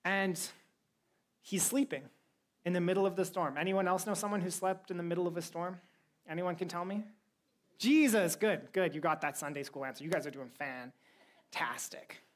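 A woman's voice: lowish voice, moderate pace. A woman teaching a Bible lesson to a young church group, telling the story with energy and quizzing her listeners.

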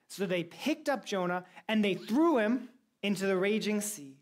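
Woman teaching a lively Bible lesson. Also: mid-range voice, moderate pace. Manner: lively storytelling, quizzing the listeners. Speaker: church youth teacher. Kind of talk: Bible lesson for a young group.

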